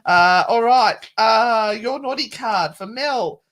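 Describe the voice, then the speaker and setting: A middle-aged woman in casual live-stream chat. She keeps up a jokey, cheeky banter and throws in the odd swear word. Her voice sits at an ordinary pitch for a woman. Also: normal speed, hardly any pauses, a bit bright. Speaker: paranormal livestream co-host.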